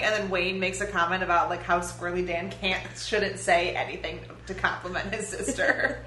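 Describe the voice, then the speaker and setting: A woman's voice: fairly low pitch, steady tone, moderate pace, few pauses, a bit bright. Laughing woman retelling comedy scenes. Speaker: podcast co-host. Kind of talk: casual chat. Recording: roomy echo, faint ambient hiss.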